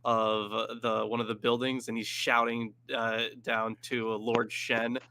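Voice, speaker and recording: A man's voice: mid-range voice, monotone, measured pace, sharp tone, slight background noise. A man on a discussion panel, chatting casually and hesitantly with many fillers. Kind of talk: casual chat.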